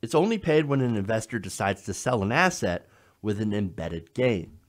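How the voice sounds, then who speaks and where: A man's voice: lowish voice, very animated, moderate pace. A man hosting a political commentary show, explaining in an emphatic style and often checking in with the listener. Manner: emphatic, explanatory, frequent "now" and "okay?" checks.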